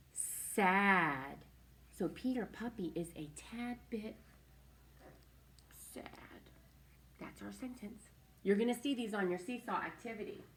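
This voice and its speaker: In an echoey room, far from the mic, a woman with a mid-range voice leads an early-reading phonics lesson for small children. She is patient and sing-song as she coaxes them to repeat after her.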